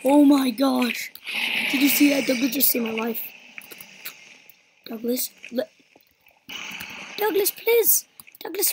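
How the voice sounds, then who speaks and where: A young woman giving casual, excitable gameplay commentary that swings between pleading, gasping and rambling. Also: high-pitched. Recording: noisy home mic recording.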